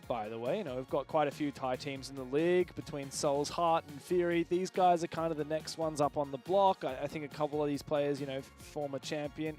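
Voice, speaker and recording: A man with a slightly high voice breaks down a match in easy, offhand commentary. Soft music plays faintly behind him. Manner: chatty, relaxed, offhand. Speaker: esports caster.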